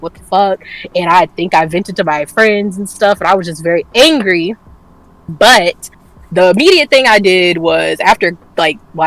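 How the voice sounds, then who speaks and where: A woman's voice: medium pitch, fairly bright tone, dry recording, poor audio. A woman co-hosting a casual streamed talk show, telling a personal story candidly, swearing freely and laughing often. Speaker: podcast co-host. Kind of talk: casual chat.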